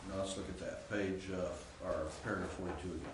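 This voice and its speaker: A man with a fairly low voice gives a classroom lecture on Greek grammar, stopping to quiz his students and filling the pauses with ums and uhs. He is picked up from a distance in a very echoey room, with faint room noise under him. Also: fairly even intonation. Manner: explains and quizzes students, many fillers. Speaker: Greek instructor.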